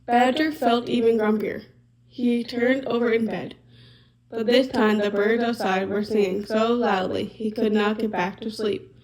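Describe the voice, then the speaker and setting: A woman giving a soft-spoken ASMR reading of a children's storybook in a gentle, even manner. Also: fairly high pitch, a little slow, poor audio.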